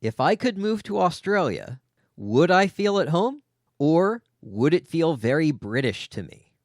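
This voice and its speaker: A man's voice: fairly high pitch, sing-song, a little slow, a little mellow, dry recording, clean studio sound. An American man hosting a casual discussion, asking long, articulate questions. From United States. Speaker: host.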